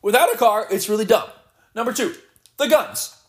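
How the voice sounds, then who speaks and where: A man giving live gameplay commentary, excitable and playfully boastful as he trash-talks. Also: high voice, moderate pace, echoey room. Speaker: gamer.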